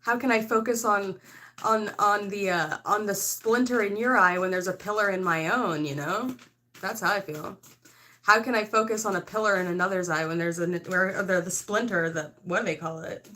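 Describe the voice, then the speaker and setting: A woman talks her way through a tarot reading in a loose, rambling way, her voice at an ordinary middle pitch. She hedges constantly with "like" and "I don't know", and her frank asides come with laughter. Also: normal speed, sharp tone. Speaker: tarot reader. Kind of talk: casual tarot reading to camera.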